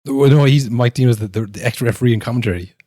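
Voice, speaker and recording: A man's voice: mid-range voice, very fast, dry recording, studio quality. A man, co-hosting a casual football podcast and acting out referees and players as he argues. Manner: animated, acts out quoted referees and players. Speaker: podcast co-host.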